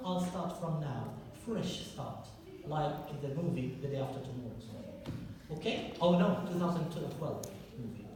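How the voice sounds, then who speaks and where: Male lecturer, emphatic and repetitive, distant mic in a reverberant hall. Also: high voice. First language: Arabic. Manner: emphatic, repeats and lists points. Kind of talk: history lecture. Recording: echoey hall, distant mic, faint noise.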